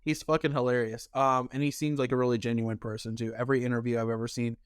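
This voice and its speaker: A man's voice: mid-range voice, flat delivery, quick pace, clean tone, dry recording, clean studio sound. A young man co-hosting a podcast, chatting in a laid-back, profane way. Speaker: podcast co-host. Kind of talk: casual chat.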